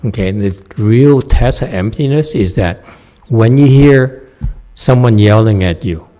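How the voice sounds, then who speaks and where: This is a man teaching meditation in a question-and-answer dharma talk. He speaks slowly in a mellow, relaxed voice. He laughs often and keeps checking in with "okay?". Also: fairly low pitch.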